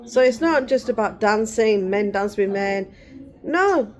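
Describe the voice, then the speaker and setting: A woman's voice: mid-range voice, animated, a little slow. A middle-aged woman vlogging in casual chat, rambling and digressive.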